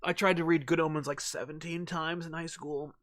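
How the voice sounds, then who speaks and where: A man from the United States co-hosting a comic review show, chatting excitedly, rambling with restarts and casual swearing. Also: on the high side, moderate pace, crowd noise. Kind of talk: casual chat.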